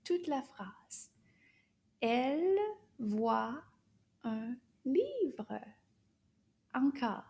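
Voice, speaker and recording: A woman teaching French to young children, slowly repeating words for them to echo, with soft whispery asides and warm praise. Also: fairly high pitch, big pitch swings. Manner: puppet-style play with a pineapple friend. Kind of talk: slow, encouraging kids' language lesson.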